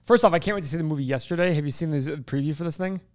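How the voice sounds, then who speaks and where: A man co-hosting a podcast, chatting eagerly and retelling stories with excitement. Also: fairly high pitch, very fast. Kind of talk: casual chat.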